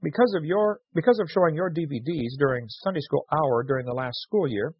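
A man's voice: medium pitch, a little fast, gravelly, few pauses, slightly rough, no echo. A man hosting a radio show, reading listener letters aloud and telling jokey stories with frequent laughs. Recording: dull lo-fi radio recording.

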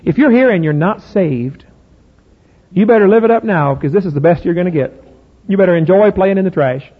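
A middle-aged man preaches a folksy, emphatic sermon packed with rhetorical questions, his high voice expressive and fairly quick with a breathy edge. The audio sounds phone-like and was recorded in a reverberant hall.

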